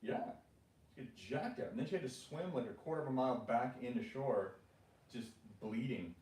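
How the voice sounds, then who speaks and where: A man's voice: mid-range voice, expressive, moderate pace, darkish tone, roomy sound, far from the mic. A man from Cape Cod co-hosting a podcast, trading wry, playful banter in casual chat. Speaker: podcast co-host.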